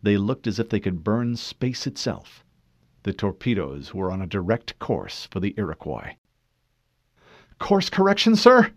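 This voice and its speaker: A man reading a novel aloud in measured, expressive scripted narration. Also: sits low, no echo, clean studio sound. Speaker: audiobook narrator.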